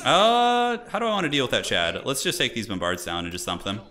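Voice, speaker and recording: A man's voice: sits low, very animated, fast talker, bright, forceful tone. A young man streaming a strategy game, chatting casually and thinking aloud as he plays. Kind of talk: casual gameplay commentary.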